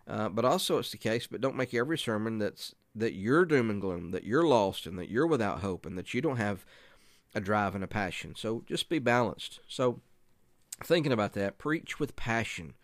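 A man's voice: fairly low pitch, no echo. A man teaching other preachers in an earnest, emphatic way. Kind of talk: preaching instruction.

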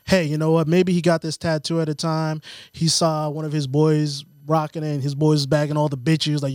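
A man co-hosting a sports podcast, explaining things in a measured, playful way. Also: a little high, little pitch movement, darkish tone, no room sound. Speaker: podcast co-host. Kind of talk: casual sports chat.

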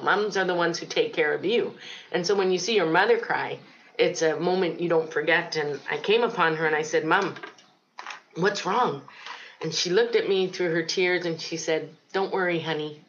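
A middle-aged woman from Ohio recounts her childhood in an interview, earnest and reflective, with frequent pauses and ums. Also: on the low side, a bit bright, highs cut off, a little hiss or hum. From Ohio, United States. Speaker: guest telling her life story. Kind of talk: personal testimony in an interview.

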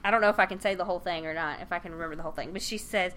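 A woman's voice: mid-range voice, lively intonation, racing, few pauses, fairly bright tone. A woman co-hosting a casual podcast, chatting and laughing as she recaps a sitcom episode and acts out the characters' lines. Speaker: podcast co-host.

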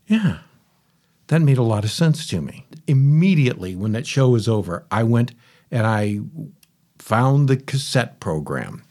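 A middle-aged man with a slightly husky voice, telling a personal story as a podcast host and repeating key phrases. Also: medium pitch, big pitch swings, a little slow, a little mellow.

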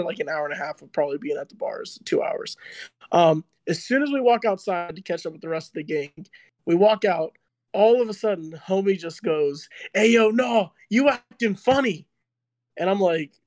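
A young man with a high, light voice tells a story in casual chat. He is animated, laughs often and leans on filler words as he talks. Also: dry recording.

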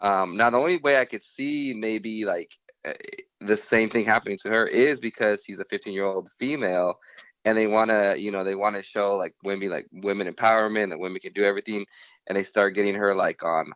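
A man's voice: fairly low pitch, brisk, fairly bright tone, no room sound, muffled recording. A man co-hosting a podcast in casual sports chat, teasing and joking, rambling with lots of um and like. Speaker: podcast co-host.

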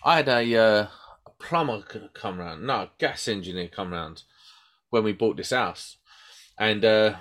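A man, co-host of a podcast, an animated and talky storyteller in casual chat. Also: fairly low pitch, a little slow.

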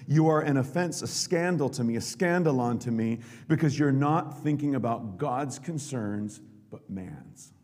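A grave, stern teacher rebukes in a hushed, low tone, as a preacher acts him out. The words come slow and heavy. A long hall reverb hangs on each phrase. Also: male voice, lively intonation, lightly acted.

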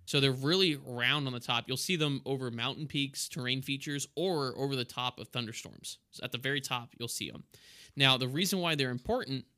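Bright-voiced man explaining aviation jargon. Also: mid-range voice, brisk. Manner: explains jargon patiently, laughs easily. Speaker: co-host, airline pilot. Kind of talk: casual podcast chat.

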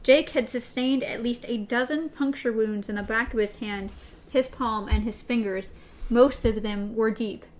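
A woman's voice: a little high, normal speed. A woman co-hosting a podcast, reading a novel aloud and discussing it playfully. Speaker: podcast co-host.

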